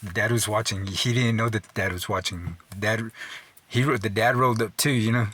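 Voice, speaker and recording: A man's voice: lowish voice, fairly even intonation, brisk, fairly bright tone. A middle-aged man telling stories in a loose, profane way, full of "dude" and "you know", chuckling along. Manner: chuckles through his own stories. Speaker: storyteller host. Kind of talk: casual storytelling.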